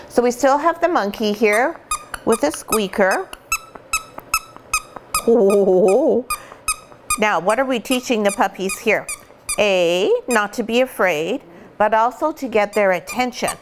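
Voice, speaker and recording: Brief: woman breeder, mid-pitched, talking through puppy playtime tips in a chatty, hands-on way. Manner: chatty, explains step by step while playing with puppies. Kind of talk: instructional puppy-raising video. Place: indoor puppy play room.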